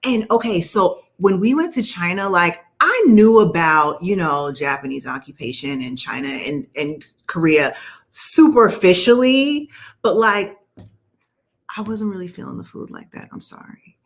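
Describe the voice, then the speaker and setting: A woman co-hosting a casual chat show with her mother, animated and slangy, laughing often. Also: fairly low pitch, unhurried. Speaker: co-host, daughter.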